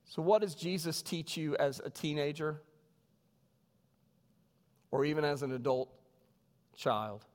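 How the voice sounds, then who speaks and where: Man, pastor, sermon, lively storytelling, higher voice, echoing church hall. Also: measured pace, pauses often. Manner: animated storytelling, voices quoted people. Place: church sanctuary. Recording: long reverb of a church hall.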